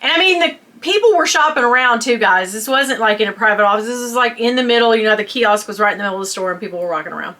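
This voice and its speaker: A bright, somewhat high-voiced woman in her fifties with a drawl chats to camera about an embarrassing story. She talks in an animated way, laughing as she goes and slipping into voices for the people she quotes. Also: fast talker, hardly any pauses. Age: 50s. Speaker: vlogger. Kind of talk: casual storytime chat to camera.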